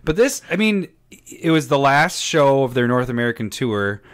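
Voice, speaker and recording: A man's voice: medium pitch, very animated, moderate pace. Laughing man in easy podcast banter. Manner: laughs often, jokey banter. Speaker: podcast co-host. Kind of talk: casual chat.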